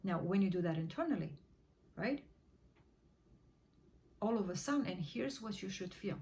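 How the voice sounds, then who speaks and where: A woman's voice: mid-range voice, animated, normal speed, warm tone, a little hiss or hum. A woman giving a motivational talk on manifesting money, repeating affirmations in a rhythmic chant and sometimes dropping to a whisper. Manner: rhythmic repetition, drops to a whisper during affirmations. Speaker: manifestation teacher.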